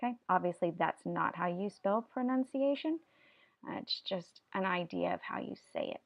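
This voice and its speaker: A woman's voice: on the low side, expressive, normal speed, creaky, dull audio. A woman teaching a Spanish vocabulary lesson, patiently explaining each word step by step and having students repeat after her. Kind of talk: classroom video lesson.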